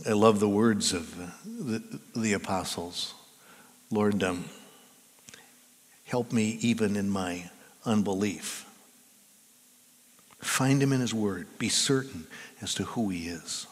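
A man preaching a sermon as pastor, swinging between hushed and loud emphatic delivery. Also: lowish voice, takes it slowly, pauses often, big-room sound.

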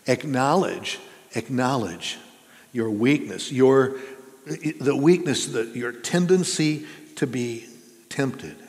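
Slow and a little mellow, a medium-pitched pastor preaches in a church sanctuary. He's earnest and conversational, asking listeners questions, and the recording echoes with the reverberant church hall.

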